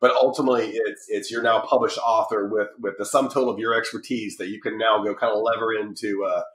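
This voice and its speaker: A man's voice: lowish voice, fast talker, reverberant. A middle-aged man guesting on a podcast, talking casually and rambling with lots of restarts and fillers. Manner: rambling, lots of restarts and fillers, animated when telling stories. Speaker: podcast guest, publishing company founder. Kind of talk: casual interview talk.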